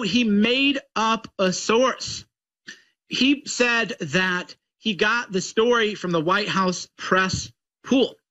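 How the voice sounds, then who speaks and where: A man's voice: high-pitched, bright, forceful tone, lo-fi sound. A man giving ranting political commentary in a mocking, combative way.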